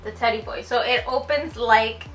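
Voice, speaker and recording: A woman's voice: a little high, normal speed, a bit bright, soft background music. A woman beauty vlogger chatting casually through a product unboxing, gushing and giggling as she goes.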